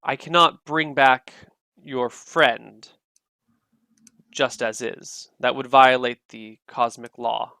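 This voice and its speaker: A man voicing a stern, solemn goddess mother who speaks in grave, measured pronouncements. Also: mid-range voice, gravelly, bright, forceful tone, clean tone, no room sound, full character voice.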